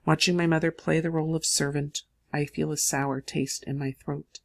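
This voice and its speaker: Narrator, raspy texture, slightly high voice, measured first-person audiobook read. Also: male voice, level tone.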